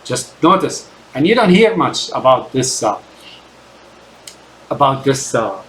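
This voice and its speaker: A man's voice: medium pitch, sing-song, slow pace, fairly bright tone, slight background noise, rough recording. A man whose first language is Arabic gives a rambling, emphatic monologue to his viewers, often stopping to ask "right?". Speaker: channel host. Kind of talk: ranting monologue to camera.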